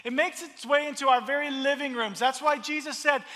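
High, bright-voiced man preaching in a hall. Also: a little fast. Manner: expressive, acts out crowd voices, repeats words. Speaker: pastor. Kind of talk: sermon.

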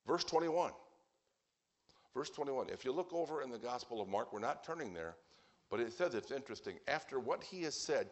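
Emphatic male preacher. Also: mid-range voice. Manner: emphatic, acts out quoted speakers with a lively voice. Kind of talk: sermon.

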